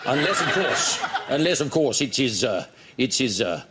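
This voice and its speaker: A man's voice: mid-range voice, sing-song, normal speed, natural voice. A man improvising voiceover impressions of posh, greedy, boastful British male politicians. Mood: blustering. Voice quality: plummy, blustering. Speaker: comedy panelist. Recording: noisy studio with audience laughter.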